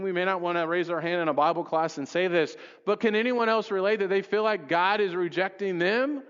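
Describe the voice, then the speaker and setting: A man preaching a sermon to his congregation, reading scripture with rising passion and then dropping low to reflect on it. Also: smooth. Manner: impassioned, rises high reading scripture aloud. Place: church sanctuary. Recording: dull lo-fi recording in a reverberant hall. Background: long church reverb.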